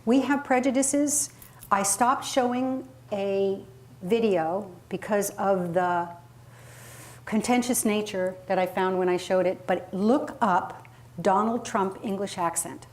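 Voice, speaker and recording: A woman's voice: medium pitch, takes it slowly, darkish tone. Folksy, emphatic woman telling stories. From Southern California. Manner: folksy storytelling, emphatic asides. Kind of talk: casual interview chat.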